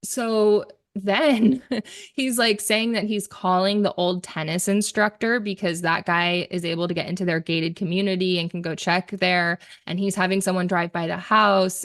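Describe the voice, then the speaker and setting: A woman's voice: medium pitch, fairly bright tone, no echo, studio quality. A woman guest on a podcast, telling a personal story with animation and acting out the dialogue she quotes. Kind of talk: conversational storytelling.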